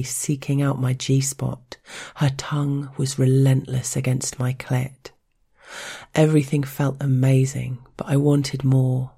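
A woman tells an intimate first-person story in a slow, measured voice. Her tone is dark and gravelly, with a husky, breathy grain. She stays stern and controlled. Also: a bass voice.

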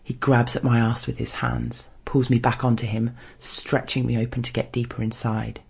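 Man reading a spicy story, hushed and measured, gravelly husky voice, pretty flat. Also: mid-range voice. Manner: hushed, measured first-person narration. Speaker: narrator. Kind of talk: scripted erotic story reading.

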